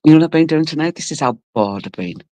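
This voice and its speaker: A woman's voice: expressive, fast, dark tone, no room sound. Chatty, blunt woman. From Cumbria, England. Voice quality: low, rough voice she calls mannish. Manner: chatty and blunt, swears, laughs often. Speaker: livestream host. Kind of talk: casual live-stream chat, greeting viewers.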